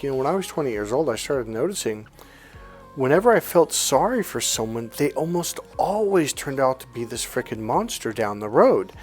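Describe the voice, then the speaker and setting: A man talks to his viewers in a loose, slangy way, jumping into little acted-out dialogues as he explains. His voice sits at an ordinary pitch, and soft music plays faintly underneath. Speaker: relationship coach. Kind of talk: casual monologue to camera.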